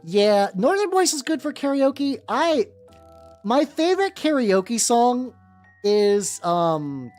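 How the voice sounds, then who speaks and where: Rambling man with a lively voice. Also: very high voice, slow. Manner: rambling, repeats words, swears casually; talks to chat while painting. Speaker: vtuber painting miniatures. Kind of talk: casual livestream chat. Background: faint background music.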